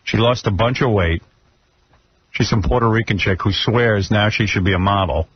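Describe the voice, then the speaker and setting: A man's voice: lowish voice, normal speed, slight background noise. Radio host guy roasting a guest, blunt and mocking, kinda muffled dull audio.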